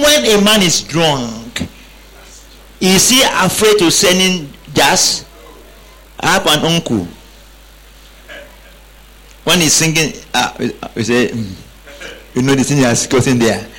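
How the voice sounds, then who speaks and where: A man's voice: a little high, expressive, unhurried, long pauses, a bit bright, rough recording. A man preaching a sermon emphatically, prompting the congregation to repeat after him. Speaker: pastor.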